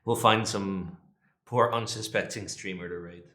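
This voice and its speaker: A man's voice: deep voice, steady tone, measured pace, pushed and bright. A hungover man hosting a livestream, chatting loosely and swearing. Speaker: livestream host. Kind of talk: casual livestream chat. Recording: roomy echo.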